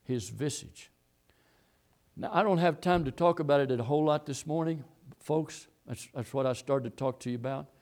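A man's voice: fairly high pitch, moderate pace, darkish tone. A man preaching a sermon, repeating and stressing his points as he quotes scripture. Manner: emphatic, repetitive preaching with Bible quotes.

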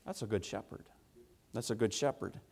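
A man preaching a sermon, swinging from quiet low asides to loud, emphatic, rhythmic repetition. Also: moderate pace, vocal fry, slightly rough.

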